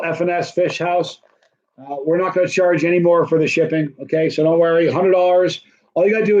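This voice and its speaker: Guy hosting a live stream, kinda high voice, rambly salesy chat, muffled lo-fi audio. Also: a little mellow. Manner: rambling, chatty salesman patter. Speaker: livestream host selling signed hot sauce. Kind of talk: casual livestream chat. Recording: dull, muffled lo-fi sound.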